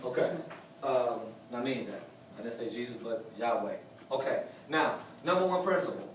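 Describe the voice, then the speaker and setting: At a moderate pace and in an expressive mid-range voice, a man gives a live motivational talk at a sales meeting, preachy and repeating his key lines for emphasis. It was recorded from afar in an echoey room with faint noise.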